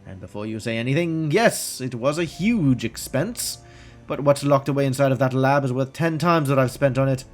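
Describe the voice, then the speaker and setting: Man reading pompous elf doctor, disgraced, haughty, melodramatic, game dialogue, middle pitch. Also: animated, moderate pace, soft background music, close to an everyday voice. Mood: businesslike.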